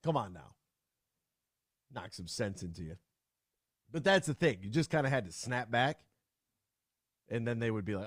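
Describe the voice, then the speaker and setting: Lively, ranting male sports radio host. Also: medium pitch, moderate pace, long pauses, no echo, clean studio sound. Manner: animated, ranting with sudden loud outbursts. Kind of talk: casual sports talk radio.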